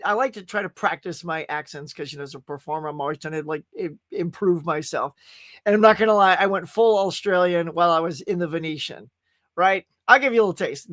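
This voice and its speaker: A man hosts a relaxed livestream, rambling and chatty, laughing often and greeting viewers by name. His voice sits high. The recording is close and dry, with no room sound. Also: no room sound. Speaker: livestream host. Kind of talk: casual live-stream chat.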